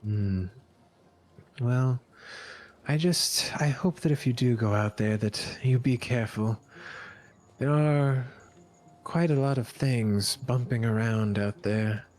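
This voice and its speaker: A man's voice: mid-range voice, darkish tone. A man running a tabletop game as dungeon master, narrating and playing characters with many fillers and restarts. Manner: slow, hesitant, with many fillers.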